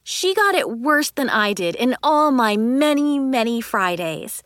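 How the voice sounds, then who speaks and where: Woman reader for a kids' novel, playful and expressive, animated and unhurried. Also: on the high side, no echo, studio quality. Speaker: narrator. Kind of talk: first-person storybook reading.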